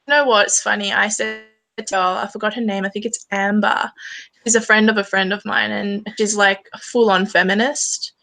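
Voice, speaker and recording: A woman's voice: mid-range voice, little pitch movement, moderate pace, vocal fry, pushed and bright, slight background noise, low-quality recording. A young woman interviewing a guest in a chatty, rambling way, full of fillers. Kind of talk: casual conversational interview.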